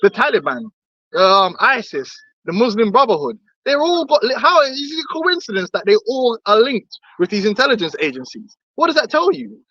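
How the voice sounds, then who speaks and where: A man's voice: extremely high pitch, big pitch swings, normal speed, pushed and bright, no room sound. A man in heated religious discussion, blunt and swearing, mimicking other voices. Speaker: podcast co-host. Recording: dull lo-fi dry recording.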